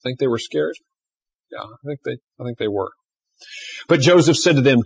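Male pastor preaching, husky voice at a middle pitch, animated and dynamic delivery. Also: normal speed. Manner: animated, swings between loud emphasis and hushed asides. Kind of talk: sermon.

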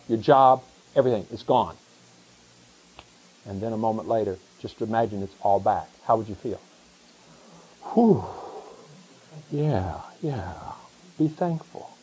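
A middle-aged man, a pastor, preaching a conversational sermon that swings between hushed asides and excited emphasis. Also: medium pitch, slightly rough, rough recording.

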